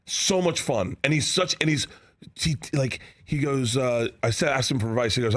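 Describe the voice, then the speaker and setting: A man in his fifties, a comedian guest in a studio, telling animated stories, laughing often and acting out other people's lines. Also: mid-range voice, normal speed. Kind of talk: animated storytelling with quoted voices. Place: radio show studio.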